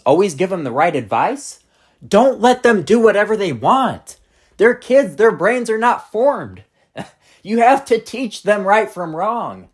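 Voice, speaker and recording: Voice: mid-range voice, slightly rough. A channel host telling a storytime rant in a blunt, exasperated manner with casual profanity.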